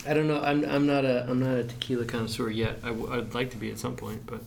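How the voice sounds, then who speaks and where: A man's voice: medium pitch, little pitch movement, fast, vocal fry, a little mellow, a little hiss or hum. Easygoing man hosting a podcast. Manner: easygoing, chuckling, slightly hesitant. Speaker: podcast host. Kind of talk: casual chat.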